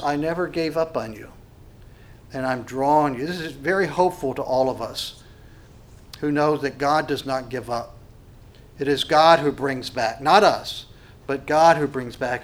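A man preaching a sermon, emphatic, repeating words and swinging between loud and quiet passages. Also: a little high. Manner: emphatic, varies volume, repeats phrases. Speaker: pastor.

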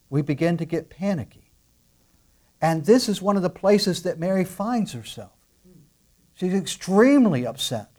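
A man preaching a sermon emphatically, asking rhetorical questions and dropping into soft asides. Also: fairly high pitch. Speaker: pastor.

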